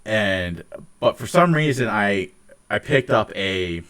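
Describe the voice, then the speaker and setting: A young Ohio man co-hosting a podcast talks slowly in a smooth, expressive, low-leaning voice with a bit of brightness. His Ohio accent has a slight Northeastern US tinge, and his casual chat rambles with frequent "like"s and restarts.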